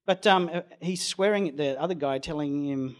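A man's voice: a little high, moderate pace. A man with an Australian accent, a storm chaser telling a rambling anecdote in an interview. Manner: rambling storyteller, acts out quoted voices loudly.

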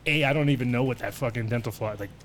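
A man's voice: mid-range voice, rapid-fire, a little hiss or hum. A man hosting a show, telling a rambling, profane story and acting out the people in it. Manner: animated, profane, acts out voices in his stories. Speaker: show host. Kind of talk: casual storytelling chat.

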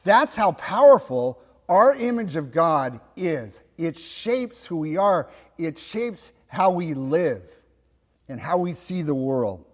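Man, pastor, sermon, unhurried, lively pitch swings, reverberant sanctuary. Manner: slow and emphatic, with rhetorical questions.

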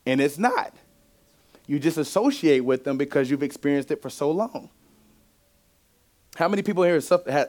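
A male pastor preaching a sermon in church, in a conversational way, often asking the congregation questions. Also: medium pitch.

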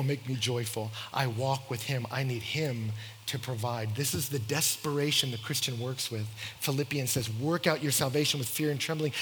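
A man preaching a sermon, telling stories and acting out dialogue in an animated way. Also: fairly high pitch, slightly rough. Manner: animated, acts out dialogue in voices. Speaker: pastor. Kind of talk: sermon with storytelling. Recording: long hall reverb.

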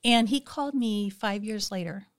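A woman, a guest in a conversation, telling a story in a lively way and acting out the voices of the people in it. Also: medium pitch, normal speed, clean tone. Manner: animated, acts out quoted voices. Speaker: guest, inner healing minister.

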